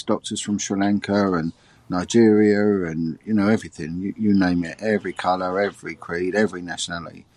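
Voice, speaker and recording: A middle-aged man, a former detective telling a personal story in an interview, halting and repeating his words. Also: deep voice, no echo. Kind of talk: emotional personal testimony.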